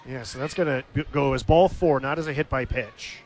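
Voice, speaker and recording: A man calling live baseball play-by-play in a steady, conversational way, lifting his voice briefly when the action comes. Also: mid-range voice, fairly quick. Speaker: play-by-play announcer. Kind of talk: live baseball radio commentary.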